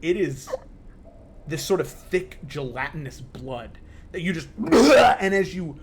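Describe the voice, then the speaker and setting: A man narrating a tabletop role-playing game as game master, with lively, stumbling storytelling full of fillers. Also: fairly high pitch, slow pace.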